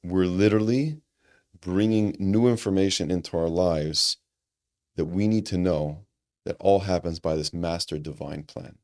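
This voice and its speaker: Deep-voiced man, earnest podcast storyteller, animated delivery with restarts. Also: unhurried. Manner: animated, acts out quoted dialogue, frequent restarts; earnest and reflective. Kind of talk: conversational storytelling.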